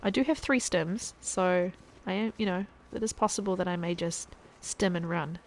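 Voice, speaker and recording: A woman's voice: fairly low pitch, moderate pace, slight background noise, poor audio. A woman from New Zealand, a parent, chatting casually with viewers while she streams gameplay. She laughs often and trails off mid-sentence. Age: adult parent.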